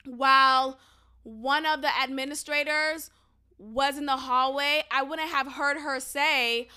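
A woman's voice: sits high, takes it slowly, pushed and bright. A young adult woman hosting a podcast, venting in an exasperated, emphatic way and swearing freely. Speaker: podcast host. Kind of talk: casual venting monologue.

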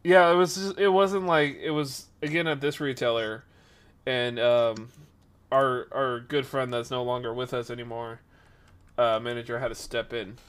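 This man's voice is medium in pitch with a clean tone, and he speaks at normal speed. In his twenties, he casually rambles through a story on a podcast stream, animated and heavy on fillers.

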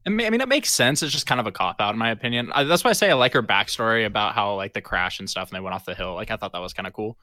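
A man in casual conversation about a movie, animated and quick to laugh, acting out lines he quotes. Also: on the low side, dry recording, studio quality.

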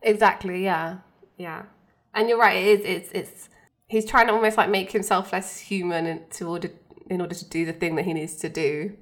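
A woman's voice: on the low side, steady tone, moderate pace. A woman co-hosting a podcast, recapping a TV episode in a chatty, casual way with lots of fillers. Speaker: podcast co-host.

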